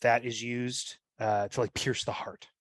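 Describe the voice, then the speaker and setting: A man's voice: mid-range voice, fairly even intonation, measured pace, dry recording. Rambling man player at a game table. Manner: rambling, with many fillers like "like" and "right?". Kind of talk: casual chat describing his character's actions.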